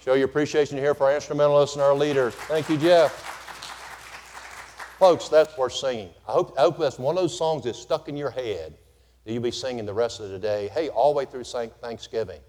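A man's voice: medium pitch, brisk, a little mellow, a faint crowd. A man preaching a folksy, humorous sermon to his congregation. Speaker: pastor. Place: church sanctuary. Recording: long reverb of a church hall.

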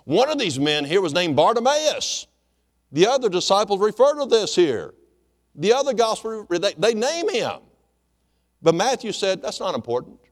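A man preaching to his congregation, emphatic and insistent, repeating his points and firing off rhetorical questions. His voice sits a little high and moves through a wide, animated range. It rings out with the long reverb of a large hall. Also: moderate pace. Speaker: pastor. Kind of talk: sermon.

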